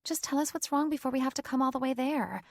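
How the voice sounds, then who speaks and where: A woman's voice: high voice, animated, fast, no room sound, clean studio sound, pitched above the performer's own voice. A woman narrator voicing a brash, pushy young woman friend who teases and demands answers over the phone. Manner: pushy, loud, teasing.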